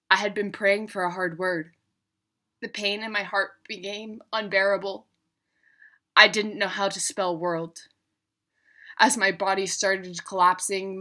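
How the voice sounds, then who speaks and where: A young adult woman narrating her own digital story in a reflective, measured way. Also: mid-range voice, pushed and bright.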